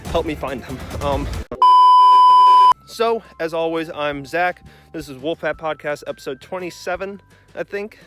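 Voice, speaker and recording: A man's voice: a little high, measured pace, over loud music. Breathless young man hosting a podcast. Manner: mock-worried, rambling, calling out loudly. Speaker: podcast host. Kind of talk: comedic podcast intro.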